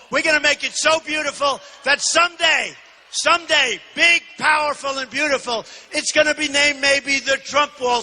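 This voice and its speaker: A man in his sixties giving an emphatic, repetitive campaign rally speech, often shouting. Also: very high voice, long reverb tail. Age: 60s. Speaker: political candidate. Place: large indoor arena.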